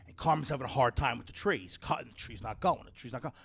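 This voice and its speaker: A man with a New Jersey accent hosting a podcast, telling a story in loud, profane, heated bursts. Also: mid-range voice, fast talker, gravelly, husky, dry recording, studio quality. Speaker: podcast host. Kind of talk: casual chat.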